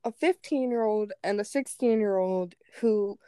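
Young woman podcast host, casual and animated, acts out the quotes; mid pitch, dry recording. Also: measured pace, smooth, dry recording. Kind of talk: casual storytelling chat.

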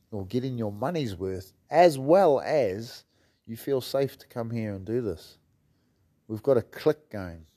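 A man with a New Zealand accent talks about his martial arts gym in a mellow, dark-toned voice. His delivery is loose and rambling, with frequent fillers and casual swearing. He sounds like a coach chatting off the cuff. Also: medium pitch. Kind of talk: casual storytelling chat.

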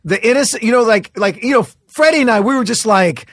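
A middle-aged man with a higher voice than most tells old stories as a podcast guest. He talks in animated bursts, swears freely and restarts his sentences. The recording is dry and close. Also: brisk, no echo. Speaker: comedian guest. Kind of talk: casual storytelling chat.

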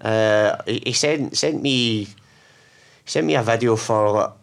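A man's voice: mid-range voice, measured pace, gravelly. A Scottish man, a musician, telling stories in casual conversation, rambling with many fillers and restarts. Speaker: musician guest.

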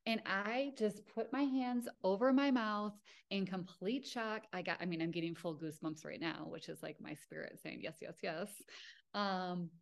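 A woman's voice: mid-range voice, moderate pace, gravelly, hardly any pauses. A young adult woman hosting her own podcast, telling a personal story in a casual, chatty way with lots of fillers. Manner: chatty, filler-heavy, lively with acted-out quotes. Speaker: podcast host.

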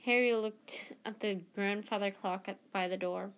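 A woman's voice: mid-range voice, steady tone, moderate pace, clear, resonant tone. A woman reading a novel aloud in an unpolished way, with frequent slips and restarts. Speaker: audiobook reader.

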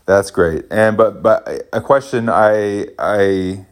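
Casting: low-voiced man in his thirties, casual vlog chat, loose and rambling, lots of self-corrections. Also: slow. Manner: rambling, thinking aloud with many restarts. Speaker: stay-at-home dad vlogger.

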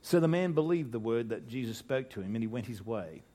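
An Australian man preaching from the pulpit with a mid-range voice that swells loudly on key words. He tells jokes, breaks off and restarts his sentences, and keeps an easy, lively sermon rhythm. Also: mid-range voice, fairly quick. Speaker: pastor.

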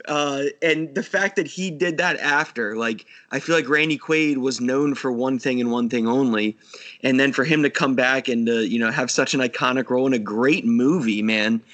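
A man's voice: mid-range voice, normal speed, fairly bright tone. A man on a casual podcast, telling movie stories enthusiastically, laughing often and swearing casually. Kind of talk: casual chat.

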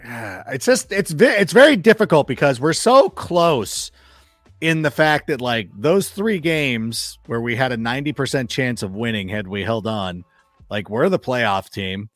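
Animated man telling sports stories in a studio. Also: mid-range voice, a little slow, no room sound. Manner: animated storyteller, acts out quoted remarks, swears freely. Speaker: guest football analyst. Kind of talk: casual sports chat.

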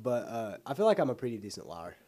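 A man's voice: mid-range voice, big pitch swings, fast, a crowd in the background. A young man co-hosting a podcast, laid-back and slangy in casual chat, laughing along. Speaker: podcast co-host.

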